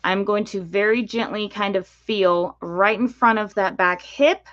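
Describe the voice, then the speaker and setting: A woman breeder hosting a casual live stream, gently explaining and demonstrating with many ums. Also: medium pitch, a little slow, highs cut off. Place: indoor reptile room with enclosures.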